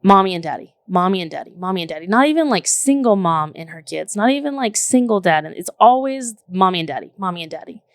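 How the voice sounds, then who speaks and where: A woman in her thirties chatting casually on a podcast, telling stories in an animated way with lots of "like" and "literally", swearing now and then. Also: on the low side, fast, hardly any pauses, dry recording, studio quality. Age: 30s. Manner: animated, filler-heavy storytelling with frequent "like" and "literally". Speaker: podcast co-host. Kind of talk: casual chat.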